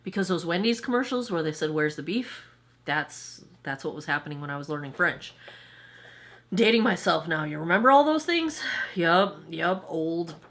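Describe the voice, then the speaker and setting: A woman's voice: fairly low pitch, a bit bright. A woman in her forties from the United States, chatting casually and rambling through a Q&A as a beauty YouTuber, self-deprecating and talkative. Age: 40s. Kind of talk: casual Q&A chat to camera.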